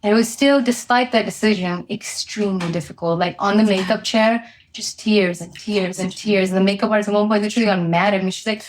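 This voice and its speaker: A woman's voice: medium pitch, steady tone, brisk, hardly any pauses, a little hiss or hum. A woman being interviewed as a company founder, telling a personal story candidly with many fillers.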